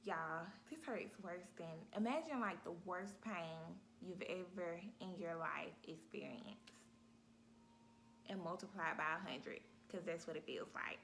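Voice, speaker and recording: A woman vlogger telling a story in a casual, animated way, talking straight to her viewers. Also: lowish voice, measured pace, vocal fry, slight background noise. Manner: animated, talks straight to viewers, acts out her own cries.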